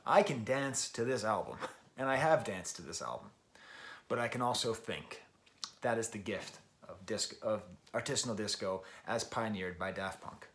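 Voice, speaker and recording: A man in his forties casually talking through an album review, rambling and self-deprecating, jumping between loud emphatic bursts and low mutters. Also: sing-song, moderate pace. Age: 40s. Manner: rambling and self-deprecating, with frequent laughs and restarts. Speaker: music review vlogger. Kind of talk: casual spoken record review.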